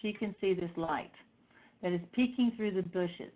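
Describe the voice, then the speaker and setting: A middle-aged woman telling personal stories in a lively way, acting out the voices of the people she quotes. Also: fairly low pitch, normal speed. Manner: animated, acts out voices in quotes. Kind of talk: personal storytelling talk. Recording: tinny phone-like sound.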